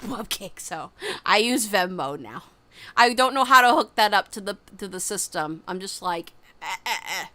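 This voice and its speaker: A woman's voice: fairly high pitch, pushed and bright, smooth. A woman giving a casual livestream tarot reading into a webcam, chatty, rambling and frank. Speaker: tarot reader.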